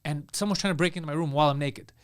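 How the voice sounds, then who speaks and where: Fast-talking high-voiced man telling a story. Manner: rapid, swearing, acts out people in his story with raised voice. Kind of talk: storytelling on a comedy podcast.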